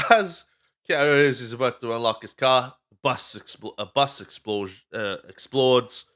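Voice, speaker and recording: In a casual monologue, a Welsh podcast host meanders through a film recap, swearing a lot and acting out dialogue. He speaks a little slowly, at medium pitch, with a slightly bright voice.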